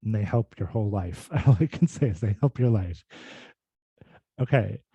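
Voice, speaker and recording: A man's voice: fairly low pitch, moderate pace, warm tone, breathy edge, no room sound, highs cut off. A man who works as a speech and voice clinician, giving a casual, thoughtful talk full of fillers and restarts over a video call. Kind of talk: casual informal presentation.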